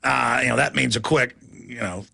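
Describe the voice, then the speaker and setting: A middle-aged talk radio host rants in a rambling, mocking way and keeps tripping over his own words. His voice is gravelly and bright, with a forceful edge. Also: medium pitch, moderate pace. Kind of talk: ranting talk radio monologue.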